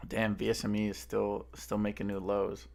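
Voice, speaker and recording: A young man with a gravelly, creaky voice trades teasing banter on a livestream. He talks loosely and casually, often breaking into laughter. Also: fairly low pitch, completely flat delivery, normal speed, darkish tone. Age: young adult. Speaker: stream host. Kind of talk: casual stream chat.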